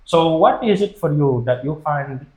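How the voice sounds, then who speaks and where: A man's voice: on the high side, moderate pace. A man hosting a podcast, chatting casually and jokingly, holding the floor. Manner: animated, talks over others, joking. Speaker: podcast host. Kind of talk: casual chat. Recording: roomy echo.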